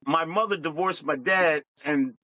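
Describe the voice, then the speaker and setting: A middle-aged man telling his life story as a guest, in a plain, reflective, unhurried way. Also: fairly high pitch, pushed and bright, poor audio. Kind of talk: personal storytelling.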